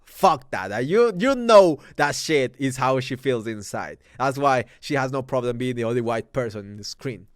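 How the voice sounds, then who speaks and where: A man's voice: medium pitch, animated, moderate pace, hardly any pauses, dry recording, studio quality. A man from Mexico, hosting a movie review and ranting heatedly with heavy swearing.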